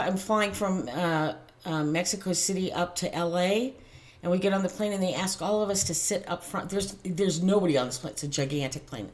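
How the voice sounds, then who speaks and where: A middle-aged American woman telling a personal story in casual, animated fashion, with frequent laughs and restarts. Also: on the low side. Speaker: tarot channel host.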